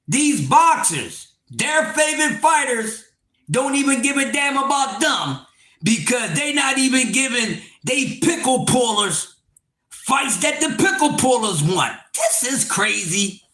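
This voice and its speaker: Brief: male stream host, high, lively pitch, preachy rant. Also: takes it slowly. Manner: loud, preachy, swings between shouting and mock-laughing. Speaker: livestream host. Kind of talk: animated livestream rant. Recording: echoey room.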